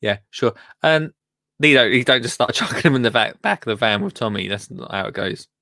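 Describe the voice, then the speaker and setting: A man from the United Kingdom hosting a live podcast, animated and quick to laugh and exclaim in disbelief. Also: medium pitch, dry recording. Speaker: podcast host.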